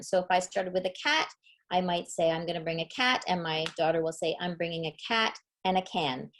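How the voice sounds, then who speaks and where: A middle-aged woman with a Canadian accent presents a webinar on reading, lively and demonstrative, drawing sounds out slowly as she enunciates. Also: mid-range voice. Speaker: reading educator.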